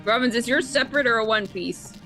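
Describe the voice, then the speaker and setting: A woman's voice: fairly high pitch, fast, sharp tone, soft background music. A woman streaming a video game, chatting playfully with a giggly, teasing manner. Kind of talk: playful casual chat over a game.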